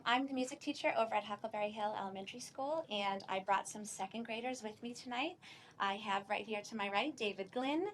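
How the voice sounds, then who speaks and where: A woman teaching a music lesson, her voice sitting high and bright in pitch. She coaches children with upbeat prompts and counts them in. The recording carries noticeable background noise. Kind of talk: classroom demonstration.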